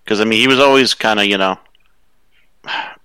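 A man chats easily as a podcast guest and tells his memories in a relaxed, casual way. His voice is lowish but bright and sharp. It is recorded dry and close. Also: moderate pace, clear, resonant tone, no room sound. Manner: easygoing, chatty storytelling.

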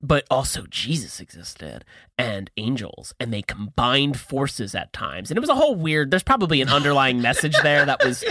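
A man's voice: mid-range voice, very animated, moderate pace, sharp tone, no echo. A man co-hosting a podcast in casual, rambling chat, laughing often. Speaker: podcast co-host.

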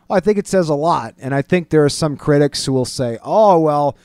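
A man co-hosting a casual sports talk show, opinionated and animated, mimicking quotes in a higher voice. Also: fairly quick, no room sound. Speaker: sports podcast co-host.

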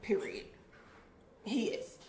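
A woman's voice: slow pace, darkish tone, echoey room. A woman co-hosting a casual chat, talking in an emphatic, blunt way. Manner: emphatic, blunt, says "period". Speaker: co-host.

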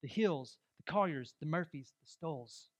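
Young guy pastor preaching hard, emphatic, pretty high voice. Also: expressive, measured pace. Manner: emphatic, rising to loud exhortation. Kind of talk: sermon.

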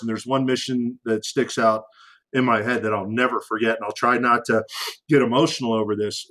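This is a rough recording of a man with a medium-pitched, slightly bright voice, a guest who used to fly fighters in the military. Chatting casually, he recounts a story and raises his voice to mimic radio calls, often restarting and using fillers.

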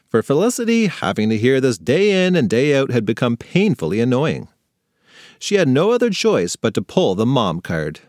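A man's voice: mid-range voice, wildly swooping pitch, moderate pace, a little mellow, no echo, studio quality. Playful man telling a kids' story. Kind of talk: scripted narration for kids.

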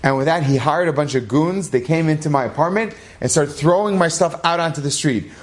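Man telling a lively story. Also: on the high side, a little fast. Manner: lively, conversational, acts out all the voices. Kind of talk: oral storytelling.

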